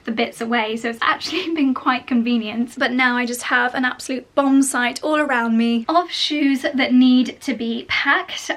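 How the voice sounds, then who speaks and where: A woman's voice: a little high, fairly bright tone. A young woman chatting in a sentimental, gushing way as a fashion vlogger talking to camera at home. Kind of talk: casual vlog chat.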